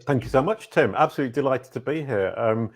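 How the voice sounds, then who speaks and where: A man in his fifties from Yorkshire with a slight Yorkshire accent, a lively, self-deprecating podcast guest. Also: medium pitch, quick pace. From Yorkshire, England. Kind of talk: casual interview chat.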